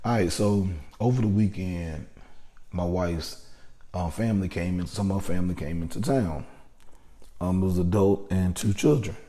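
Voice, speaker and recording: A man's voice: low-pitched, normal speed, dark tone. A man telling a personal story in a casual, profane, rambling monologue, often restarting his sentences.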